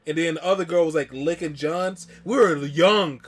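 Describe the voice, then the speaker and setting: A man's voice: fairly high pitch, moderate pace. A man from Alabama, a reaction channel host, chatting casually and rambling through a story with lots of fillers. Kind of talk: casual chat.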